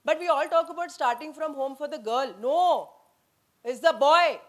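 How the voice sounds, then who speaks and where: A middle-aged woman with an Indian English accent, a former army officer speaking at a leadership summit, telling lively anecdotes and making punchy, emphatic points. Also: high voice, normal speed. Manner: lively storyteller who acts out quotes and slips into Hindi.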